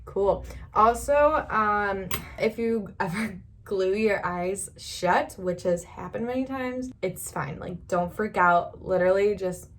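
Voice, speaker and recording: A young woman talks through a beauty tutorial in a loose, rambling way, stopping now and then to laugh. Her pitch sits in the middle and she keeps telling her viewers not to worry. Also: slow pace, a little hiss or hum. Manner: chatty, rambling, reassuring, laughs often. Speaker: beauty vlogger. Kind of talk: casual makeup tutorial.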